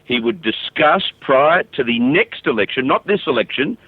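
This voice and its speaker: A man's voice: mid-range voice, lively intonation, moderate pace, slightly rough, no room sound, narrow, tinny audio. A man hosting talk radio, blunt and skeptical, challenging his callers. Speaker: radio host.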